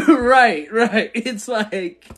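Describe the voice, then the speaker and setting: A man's voice: very high-pitched, drawn-out words, a bit bright, soft background music. A man who founded a church chats casually on a livestream, answering viewers with slangy talk and frequent laughter.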